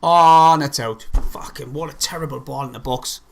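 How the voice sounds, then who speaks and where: A man's voice: mid-range voice, a little fast, vocal fry. A young man, hosting a live fan stream and reacting to a football match with heavy swearing and frustrated outbursts. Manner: swears heavily, shouts in frustration. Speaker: fan livestream host.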